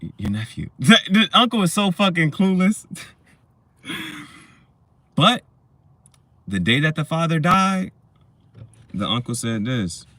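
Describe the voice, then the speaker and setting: A man's voice: fairly high pitch, sing-song, takes it slowly, pauses often, a bit bright, dry recording. Rambling, foul-mouthed man reviewing a movie. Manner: rambling, profane, laughs while retelling scenes. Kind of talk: casual spoken movie review.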